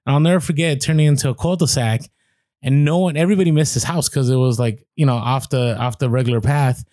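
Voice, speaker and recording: Man, podcast co-host, mellow dark tone, dry close mic, rambling. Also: medium pitch, fast talker, no room sound. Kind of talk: casual chat.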